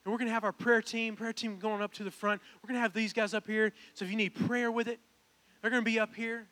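A man's voice: high-pitched, flat delivery, fast, fairly bright tone. A young man, preaching a personal, earnest sermon that builds to emphatic calls. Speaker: pastor. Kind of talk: sermon with altar call.

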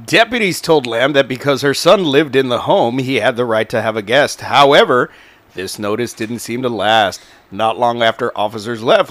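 A man's voice: mid-range voice, a bit bright, no room sound. A man co-hosting a casual podcast, reading news stories and joking around, cursing freely. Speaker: podcast co-host.

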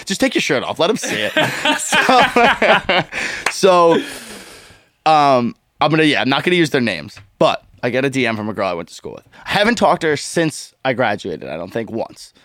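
A young man hosting a casual podcast chat, telling a story in an animated way, laughing often and swearing freely. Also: medium pitch, normal speed, no echo. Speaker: podcast host.

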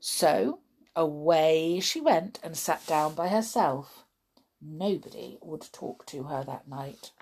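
Slow, expressive woman reading a children's story. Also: deep voice, creaky, husky. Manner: slow, expressive, chatty asides.

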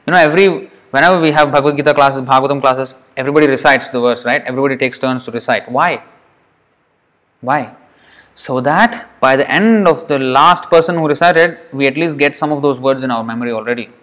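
A man's voice: medium pitch, brisk, a bit bright. A man giving a devotional scripture class in an earnest way, often repeating words for emphasis. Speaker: lecturer.

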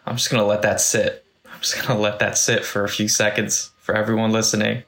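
A man's voice: fairly low pitch, little pitch movement, brisk, fairly bright tone. A male podcast host talking candidly and reflectively in a casual conversation about faith. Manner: reflective, candid, laughs easily.

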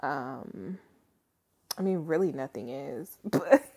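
A woman's voice: rumbling low, lively intonation, slow pace, a little mellow, slightly rough, no echo, studio quality. A young woman hosting her own podcast from home, chatting loosely with lots of fillers, laughs and the odd swear. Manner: rambling, many fillers, swears, laughs often. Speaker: podcast host. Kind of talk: casual solo podcast chat. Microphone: handheld microphone.

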